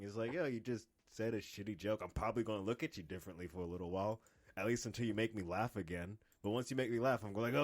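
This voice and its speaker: A man co-hosting a podcast, an amateur comedian talking in a profane, emphatic and casual way. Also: lowish voice. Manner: profane, emphatic, quick to laugh.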